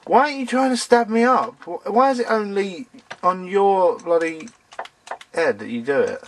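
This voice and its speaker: A man playing through a game and narrating as he goes, his pitch slightly high and leaping all over the place as he cries out and swears at the screen. He sounds a bit hoarse from losing his voice, with a faint noise floor in the recording. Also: measured pace, long pauses. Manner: excitable, swearing, talks to game characters. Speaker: let's player. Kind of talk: gameplay commentary.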